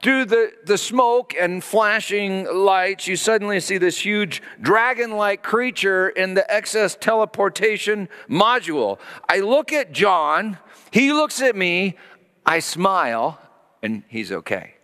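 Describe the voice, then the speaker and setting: Animated male pastor in a reverberant hall. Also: high-pitched, slow pace, clean tone. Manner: animated storytelling, acting out voices, dropping to hushed tones. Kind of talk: sermon.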